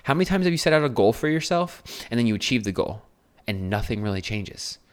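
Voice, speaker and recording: A man's voice: mid-range voice, sing-song, fast, clean tone. A man from New Jersey, a coach hosting a podcast, talking in a casual monologue that is emphatic and repetitive, with frequent swearing and rhetorical questions. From New Jersey, USA.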